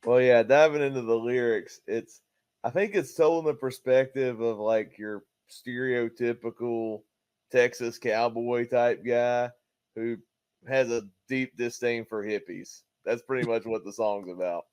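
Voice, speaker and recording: Man, average pitch, dry close sound; easygoing album review co-host. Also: fairly even intonation, measured pace, darkish tone, clear, resonant tone, no room sound. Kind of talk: casual chat.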